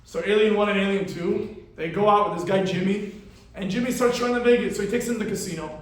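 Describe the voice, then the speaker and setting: A male rabbi giving a storytelling sermon at a weekly class, talking in an animated, conversational way with asides to his listeners. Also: high-pitched, quick pace. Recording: echoey hall from far off.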